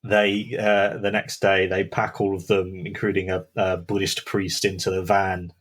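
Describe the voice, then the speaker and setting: A man co-hosting a podcast, telling a scary story casually, with hushed build-ups and dramatic pauses. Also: sits low, level tone, rough recording. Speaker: podcast co-host.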